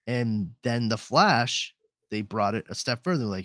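A man's voice: fairly low pitch, moderate pace, dry recording, studio quality. A man hosting a podcast in casual chat, rambling and swearing freely. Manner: rambling, profane, animated. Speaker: podcast host.

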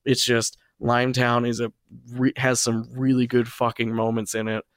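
A man's voice: mid-range voice, completely flat delivery, moderate pace, no room sound, studio quality. A man co-hosting a casual podcast chat, sounding a bit sick, blunt and swearing freely. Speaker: podcast co-host.

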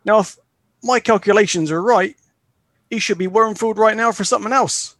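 Jackwick, a gruff, menacing adventurer, as a man puts him on, talks low and threatening with clipped, polite sign-offs. The recording is close and dry. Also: normal speed, fairly bright tone, no echo.

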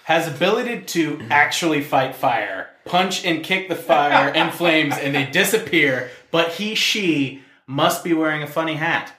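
On a casual podcast, a male host with a fairly high, somewhat slow, sharp-toned voice leads a quiz game. The room echoes, and his style is playful and jokey as he laughs at his own ideas.

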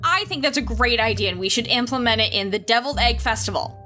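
A woman with a high, bright voice playing in a tabletop podcast. Her pitch swings widely as she asks playful questions. Soft music runs faintly behind her. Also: lively intonation, fast. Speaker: player. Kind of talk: tabletop role-play podcast.

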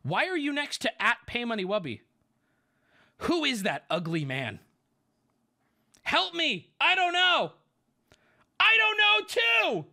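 Shrill, panicky young teen girl fan, put on by a man, mocking falsetto, bright and lively. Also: slow pace, creaky, long pauses, full character voice.

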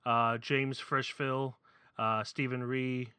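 A man from the Philadelphia area, co-hosting a casual chat, animated and excitable, swearing freely. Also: mid-range voice, moderate pace, dry recording. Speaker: podcast co-host.

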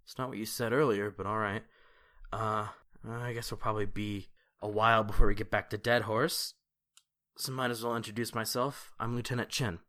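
A man voicing a young male soldier lieutenant, an easygoing leader who talks in a relaxed, friendly way. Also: fairly low pitch, normal speed.

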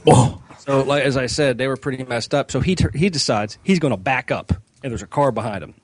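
A man spinning a profane, rambling story on a casual podcast. His voice sits at a middle pitch and sounds dry and close, with no room echo. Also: a little fast. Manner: profane, animated anecdote-telling with acted-out quotes. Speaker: regular podcast panelist.

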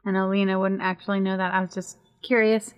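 A woman's voice: medium pitch, flat delivery, quick pace, smooth, no room sound, highs cut off. A woman playing a tabletop game, curious and dry in tone. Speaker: player. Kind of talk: casual tabletop play.

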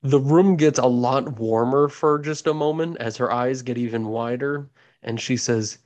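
A man's voice: medium pitch, normal speed, darkish tone. A man running a tabletop game, narrating in a loose, casual way and leaning on filler words as he describes each scene. He has an ordinary mid-range voice and takes his time. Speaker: game master.

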